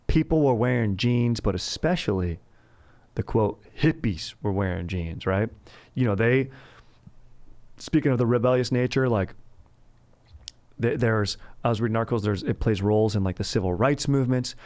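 A man's voice: lowish voice, moderate pace, darkish tone, dry recording. A man from California, hosting a comedic history podcast in a rambling, slangy, crude way. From Southern California. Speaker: podcast host.

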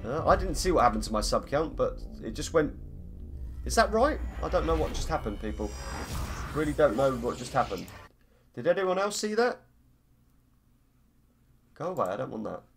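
A man's voice: mid-range voice, big pitch swings, moderate pace, vocal fry, long pauses, soft background music. A young man streaming a game live, chatting in a rambling, self-mocking way and greeting viewers by name. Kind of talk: casual live-stream gaming chat.

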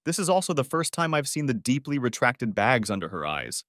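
A man giving an expressive scripted narration of a story. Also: mid-range voice, brisk, no room sound, clean studio sound. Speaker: audiobook narrator.

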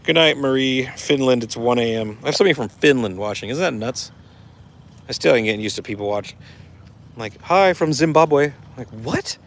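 A man's voice: mid-range voice, fairly quick. A man casually chatting on a livestream and reading out viewer comments in a laid-back, laughing way. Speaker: vlogger reading live chat.

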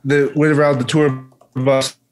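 A man's voice: mid-range voice, level tone, normal speed. A man co-hosting a casual podcast, telling stories in a joking, easygoing way. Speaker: podcast co-host.

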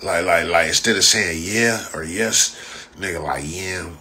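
Casting a deep, punchy LA guy: profane, mocking livestreamer who rambles through stories. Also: measured pace, bright, forceful tone, slight background noise. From Los Angeles. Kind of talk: casual live-stream chat.

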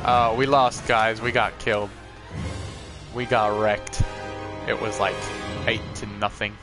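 A man's voice: on the low side, little pitch movement, takes it slowly, long pauses, music in the background. A man hosting a live gameplay stream in a casual, chatty way, talking to viewers and reacting to the game as he plays.

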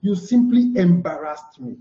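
A man's voice: high voice, big pitch swings, measured pace, dark tone, echoey room, highs cut off. A man acting out an offended wife scolding her husband. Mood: indignant. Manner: indignant, complaining.

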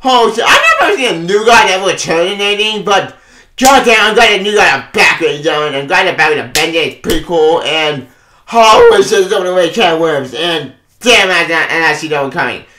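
Excitable cursing man reviewing comics. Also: sits high, brisk, roomy sound. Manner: excitable, swears a lot, laughs often. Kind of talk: casual spoken review.

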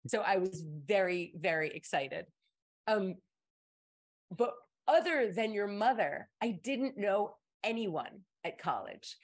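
A middle-aged woman, host of an advice stream, telling a story in a casual chat and jumping into high voices to quote people. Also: sing-song, slow pace.

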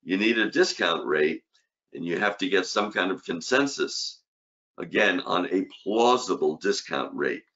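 A man's voice: deep voice, lively intonation, a little slow, fairly bright tone, muffled recording. An older man giving an academic conference lecture on economics, emphatic, with rhetorical questions and punchy repeated short phrases.

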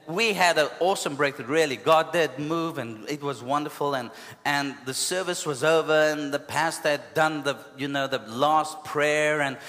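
A man with a South African accent, a pastor telling a story in an animated sermon, punctuated with hallelujahs and asides. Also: on the high side. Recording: long hall reverb.

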